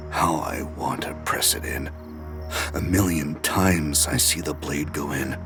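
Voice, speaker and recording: An actor playing an obsessive, murderous young man who narrates his own thoughts in an audio drama, in a hushed, menacing and unhinged way. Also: low voice. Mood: brooding. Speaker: narrating character. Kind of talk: first-person audio drama monologue.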